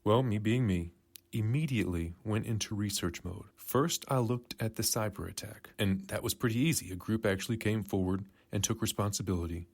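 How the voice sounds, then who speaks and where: Low-voiced man rambling through commentary. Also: brisk, husky. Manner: rambling, conspiratorial, self-correcting. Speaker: podcast host. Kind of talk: casual commentary monologue.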